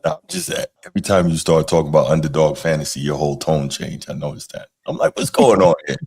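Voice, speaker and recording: A man's voice: a bass voice, sing-song, quick pace, gravelly, a little mellow, breathy edge. A man appearing as a guest on a sports podcast, teasing the host with incredulous questions. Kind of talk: casual sports chat.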